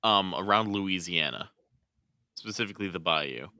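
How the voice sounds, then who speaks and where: A man co-hosting a casual podcast chat, playful and quick to laugh, sometimes stumbling over his words. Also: sits low, expressive, sharp tone. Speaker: podcast co-host.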